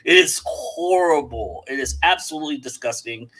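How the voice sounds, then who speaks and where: A man hosting a casual round-table podcast, talking in an animated, rambling way with many fillers. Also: mid-range voice, moderate pace, shouting, slight background noise, low-quality recording. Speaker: podcast host.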